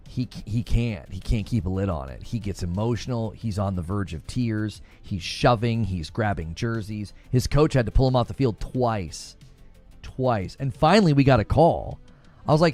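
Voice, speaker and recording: Casting: middle-aged male podcast host, lively swooping pitch, heated chatty storyteller, soft music underneath. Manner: animated, heated storytelling with many restarts. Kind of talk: casual chat.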